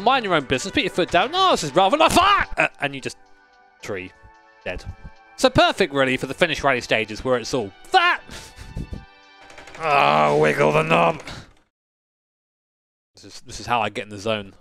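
Man, high-pitched, lively commentary, casual swearing, rally sim at home. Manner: chatty, swears casually, laughs often. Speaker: sim racing streamer. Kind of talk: gameplay commentary.

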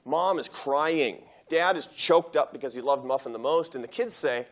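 A man giving a public university lecture, telling a story with lively animation and acting out quoted voices. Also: medium pitch, moderate pace. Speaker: guest lecturer.

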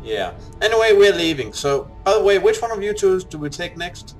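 An easygoing man chatting through a co-op game session with friends, sometimes reading quest text aloud. His voice is a touch high and moves around a lot. Faint music plays behind him. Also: big pitch swings, brisk. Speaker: co-op game player. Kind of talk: casual let's-play chat.

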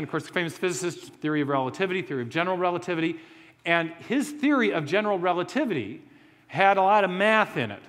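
A man's voice: a little high, fairly bright tone. Man lecturing in a reverberant hall. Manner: conversational, with joking asides and frequent restarts. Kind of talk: lecture to a live audience.

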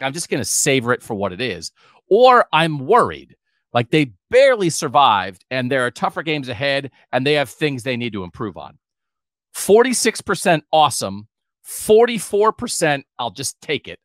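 Animated man co-hosting a sports podcast. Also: on the high side, dry recording, clean studio sound. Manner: animated, chatty, thinking aloud with many "like"s. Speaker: podcast co-host. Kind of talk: casual sports talk podcast.

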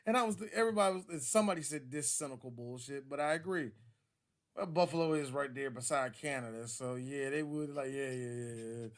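A man co-hosting a casual sports podcast, animated and laughing often, acting out quick voices as he jokes about football. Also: medium pitch. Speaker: podcast co-host.

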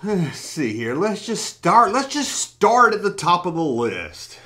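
A man's voice: high voice, sing-song, takes it slowly, pushed and bright. A man hosting a casual vlog who talks with sarcastic jokes and swears freely. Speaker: toy collecting YouTuber. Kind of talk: casual vlog, reading comments.

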